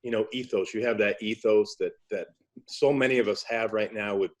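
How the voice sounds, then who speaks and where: A man's voice: lowish voice, fairly even intonation, brisk. Enthusiastic New York man in his fifties. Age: 50s. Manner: enthusiastic, announcer-like intros. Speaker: podcast host. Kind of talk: casual podcast interview.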